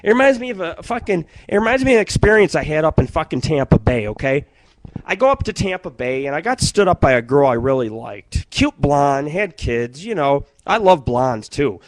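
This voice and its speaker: Man, internet radio host, rambling profane monologue, excitable, fairly high voice, dry close sound. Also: moderate pace, no room sound. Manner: excitable, jumps between loud outbursts and muttering. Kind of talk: rambling live-stream monologue.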